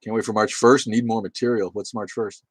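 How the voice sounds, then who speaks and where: A man's voice: on the low side, steady tone, brisk, breathy edge, no echo. A man hosting a livestream, rambling and swearing as he reads chat comments and laughs along. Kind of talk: casual profane livestream chat.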